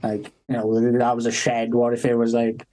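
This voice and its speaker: A man's voice: medium pitch, completely flat delivery, moderate pace, dark tone. A man, telling childhood stories on a podcast, swearing a lot and laughing between lines. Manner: swears constantly, laughs through stories, acts out voices. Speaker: podcast co-host. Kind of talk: casual storytelling chat.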